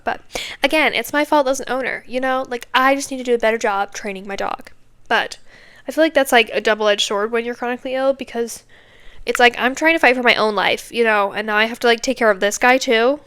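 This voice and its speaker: A woman's voice: on the high side, fairly quick, fairly bright tone, clean tone, no echo. A woman hosting her own podcast, ranting off the cuff in a candid, self-deprecating way and rambling through lots of filler words. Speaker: podcast host. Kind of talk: unscripted casual rant.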